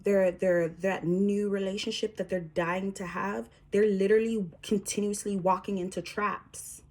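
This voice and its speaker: A woman's voice: medium pitch, steady tone, unhurried, a little mellow. A woman delivering a spiritual message to her viewers, reassuring and emphatic, sometimes dropping to a whisper. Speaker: spiritual reader.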